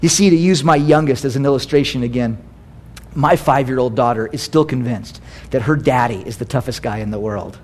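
A middle-aged American man preaching a sermon as pastor, conversational and animated, with playful asides. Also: medium pitch, brisk.

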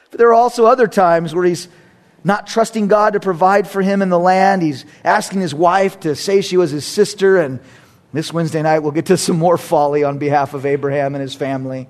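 A man preaching a sermon, telling a story with lively acted-out voices and swinging between loud emphasis and quiet asides. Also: a little high, moderate pace. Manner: animated storytelling, acting out characters. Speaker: pastor.

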